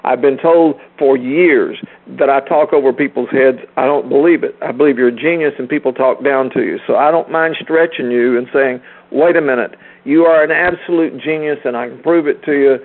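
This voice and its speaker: A man's voice: mid-range voice, moderate pace, few pauses. A man in his sixties teaching a group on a phone call, earnest and emphatic, repeating key phrases for weight. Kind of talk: informal teaching talk. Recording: tinny phone line.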